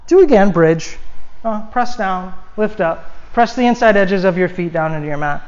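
Calm yoga teacher, woman, lo-fi. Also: mid-range voice, normal speed. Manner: calm cueing with casual asides, many "like"s. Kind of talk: guided yoga class instruction. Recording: dull lo-fi sound.

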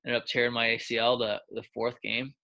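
Gravelly, bright-voiced man telling stories. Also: mid-range voice, little pitch movement, a little fast. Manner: loose and chatty, heavy with filler words, acts out quoted lines. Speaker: quarterback coach. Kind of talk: casual interview storytelling.

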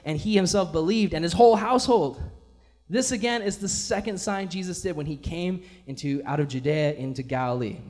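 A man's voice: fairly high pitch, a little mellow. A man preaching a casual, enthusiastic sermon in a church, often saying "like" as he talks. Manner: casual, enthusiastic, many fillers like "like". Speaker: pastor.

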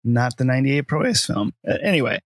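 A man's voice: medium pitch, lively intonation, brisk, dry recording. A man hosting a casual film podcast, easygoing and jokey, laughing often. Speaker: podcast host.

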